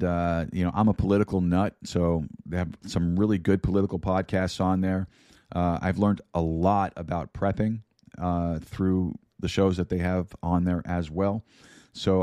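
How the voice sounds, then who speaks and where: A man with a scratchy, hoarse voice reads podcast announcements, stumbling over words and filling gaps with "uh". His voice sits very low and mellow, recorded dry and close. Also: no echo. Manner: rambling with stumbles and fillers. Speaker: podcast host. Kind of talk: casual announcements.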